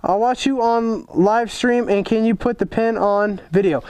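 Hyped young dude opening fan mail on his vlog, kinda high voice, swears constantly, jokes around. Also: measured pace, clean tone, no room sound. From United States. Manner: excitable, swears a lot, jokey. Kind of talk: casual vlog chat.

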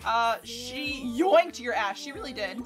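A woman with a high voice gives casual, animated commentary as she streams a game. She keeps up a running chatter and curses at the enemies. Game music plays clearly behind her. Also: measured pace. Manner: animated, exclaiming and cursing at the game. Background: game music and sounds.

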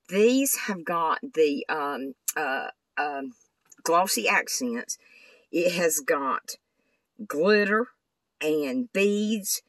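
A woman's voice: lowish voice, fairly bright tone, no echo, far from the mic, poor audio. An older woman, chatting casually in a craft vlog and gushing over the things she shows. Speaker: craft vlogger. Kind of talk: casual show-and-tell vlog.

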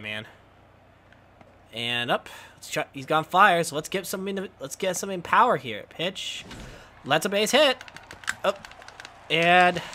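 A young man playing a baseball video game and calling the action play by play, breaking into shouts and laughter on big hits. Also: sits high. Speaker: gameplay commentator.

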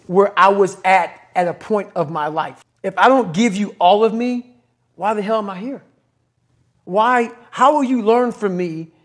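A man's voice: high voice, measured pace, a bit bright. A man speaking as a podcast guest, blunt and intense, swearing freely and driving home short punchy commands. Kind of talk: motivational interview talk.

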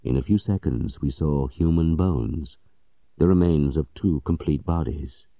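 A man with an extremely deep voice narrates a story in steady, measured tones, the timbre very dark and mellow. The recording is dry and close, with a dull, lo-fi edge. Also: vocal fry, no room sound. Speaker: audiobook narrator.

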